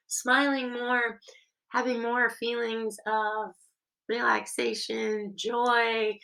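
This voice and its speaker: A woman teaching a workshop on music in caregiving, speaking in a gentle, encouraging, expressive way with occasional fillers. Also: a little high, gravelly, rough recording.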